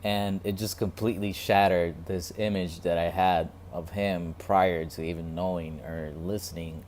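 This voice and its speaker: Low-voiced man musing in a rambling way. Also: steady tone, slight background noise. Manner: rambling, halting, repeats words, quiet. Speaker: vlogger. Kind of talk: casual reflective monologue.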